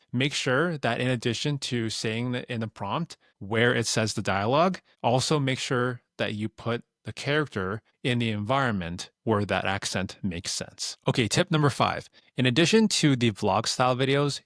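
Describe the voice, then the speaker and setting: Relaxed man explaining a tutorial. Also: medium pitch, dry recording, studio quality. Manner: relaxed, explanatory, plain-spoken. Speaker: tutorial creator. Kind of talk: instructional screen-recording explanation.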